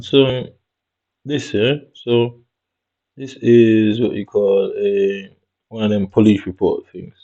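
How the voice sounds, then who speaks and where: A man's voice: on the low side, dark tone. A man from Jamaica with a Jamaican accent, muttering to himself with swearing and slang as he comments casually on his screen. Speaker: vlogger. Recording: dull lo-fi recording.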